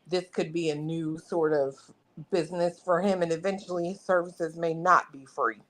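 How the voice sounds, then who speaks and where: Woman cohost, kinda low voice, chatty, lots of likes. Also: fairly even intonation, moderate pace, fairly bright tone, a little hiss or hum. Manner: chatty, uses filler "like" a lot. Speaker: co-host. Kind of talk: casual chat.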